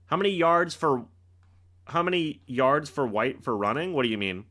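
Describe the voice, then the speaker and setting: A young man hosting a live reaction stream, calling the plays and shouting and teasing players on big moments. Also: medium pitch, expressive, moderate pace. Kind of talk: excited live play-by-play reaction.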